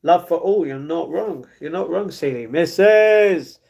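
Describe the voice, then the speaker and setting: A man's voice: a little high, expressive, a little slow, creaky, darkish tone. A man live streaming, chatting casually and reading viewer comments aloud, often laughing.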